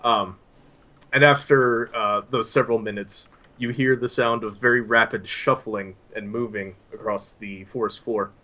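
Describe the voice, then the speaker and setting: A man narrating scenes as game master in a tabletop story game, with halting, filler-heavy description. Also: lowish voice, steady tone, pushed and bright.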